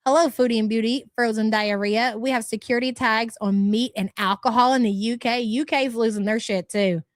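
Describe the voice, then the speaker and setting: A woman with a fairly high voice rants bluntly at her livestream chat, swearing freely and laughing often. She sounds dry and close to the microphone, as if at home. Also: steady tone, fairly quick, no room sound. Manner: blunt, profane, exasperated ranting. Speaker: livestream host reading chat. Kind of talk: casual livestream rant.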